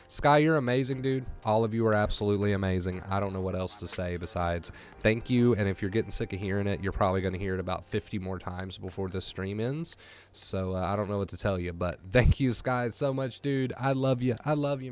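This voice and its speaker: Male streamer, lower register, casual and emotional, voice cracking with gratitude. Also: fairly quick, darkish tone. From US East Coast. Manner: emotional, effusive thanks to viewers. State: voice breaking with emotion. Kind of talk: casual live-stream chat.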